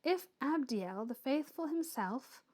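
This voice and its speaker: A woman reading aloud and voicing a proud, earnest young Swiss woman who speaks softly and with restraint. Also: high-pitched, expressive, takes it slowly, full character voice.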